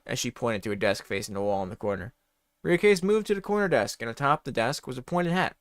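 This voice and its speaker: A man's voice: mid-range voice, sing-song, fairly quick, no room sound, studio quality. A man reading a comedy story aloud in a mock-dramatic voice, breaking off for swearing asides.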